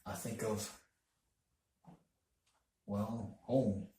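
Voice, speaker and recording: A man playing a tabletop game, calmly describing his character's actions. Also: fairly low pitch, extremely slow, reverberant, distant mic, a little hiss or hum. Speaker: player.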